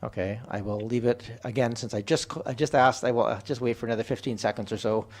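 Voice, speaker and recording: A man chairing a council meeting as mayor, speaking in a measured, procedural and slightly hesitant way in a council chamber. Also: mid-range voice, steady tone.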